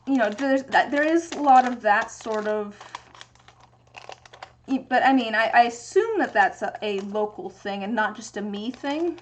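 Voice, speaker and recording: Chatty, rambling young woman, higher voice. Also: measured pace, a little hiss or hum. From US Pacific Northwest. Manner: rambling and chatty, thinking aloud. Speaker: streamer making resin dice. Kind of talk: casual livestream chat. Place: home craft workspace.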